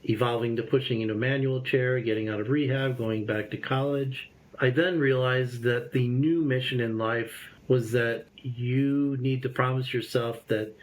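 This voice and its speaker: A man in his fifties, a guest telling a personal story in an interview, lively and acting out the voices he remembers. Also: medium pitch, normal speed, few pauses. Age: 50s.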